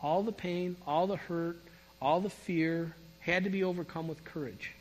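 A middle-aged man preaching a sermon, telling his story in an animated, emphatic way. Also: fairly high pitch, normal speed, slight background noise. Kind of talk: sermon testimony. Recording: long reverb of a large hall.

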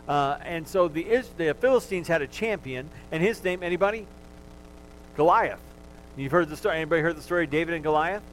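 A man's voice: a little high, brisk, slight background noise, poor audio. A male pastor preaching a sermon, talking to the congregation in a conversational way and joking with them.

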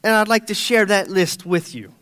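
A man's voice: sits high, moderate pace, a bit bright, smooth. A man in his thirties preaching a sermon, folksy and conversational, often checking in with the congregation. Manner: folksy, storytelling, often asks okay?.

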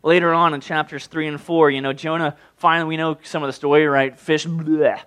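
A pastor giving a casual, animated sermon, reading scripture and adding asides. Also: male voice, on the high side, quick pace, clear, resonant tone.

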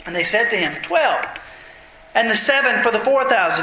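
A man, a pastor, preaching a sermon to his congregation, earnest and slowing down low for emphasis. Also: animated, sharp tone, slight background noise. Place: church sanctuary. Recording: echoey church room, faint ambience.

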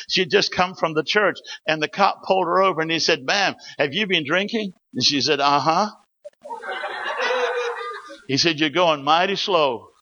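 Male preacher, raised pitch, forceful sermon delivery, muffled lo-fi recording. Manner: storytelling preacher, emphatic exhortations. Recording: dull lo-fi recording.

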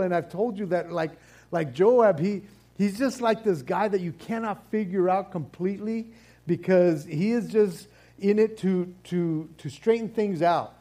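Man, casual Bible study teacher, warm mellow tone, slightly high voice, rambling, repeats words. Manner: acts out quoted exchanges playfully.

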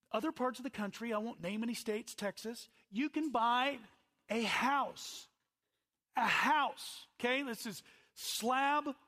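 Casting: male pastor, high voice, chatty sermon delivery with loud peaks and hushed asides. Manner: conversational preaching, swings from loud bursts to quiet asides.

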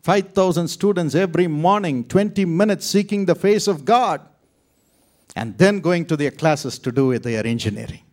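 A man from India preaching a sermon testimony, telling his story dramatically, with sudden loud outbursts and hushed, whispered passages. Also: a little high, expressive, normal speed.

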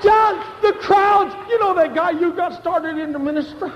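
A preacher doing frantic shouting disciples. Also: male voice, normal speed, big-room sound, lo-fi sound, a little hiss or hum. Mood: alarmed. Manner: shouting, high and excited. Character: anxious male disciples, fretting and pleading.

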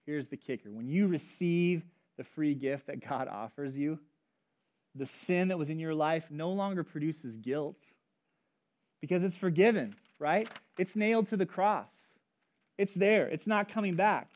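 A man preaching a sermon as pastor, telling stories in an animated, conversational way. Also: fairly high pitch, a little slow. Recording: dull lo-fi recording.

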